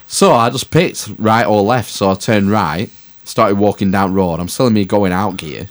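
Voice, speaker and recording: Very deep-voiced man. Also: moderate pace. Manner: rambling, swears freely, self-mocking. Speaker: podcast co-host. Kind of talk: casual storytelling chat.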